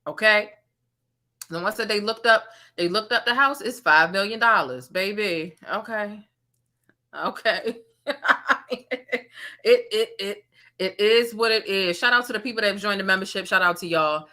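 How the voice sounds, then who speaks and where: Woman commentary host, sassy and animated, bright tone. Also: mid-range voice, moderate pace, long pauses. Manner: sassy, animated, talks straight to viewers. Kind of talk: casual gossip commentary.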